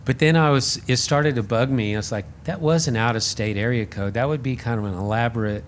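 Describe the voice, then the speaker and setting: A man guest on a podcast, telling a story in a casual, animated and self-deprecating way, acting out the voices he quotes. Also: medium pitch, fairly quick, slight background noise. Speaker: podcast guest, radio host.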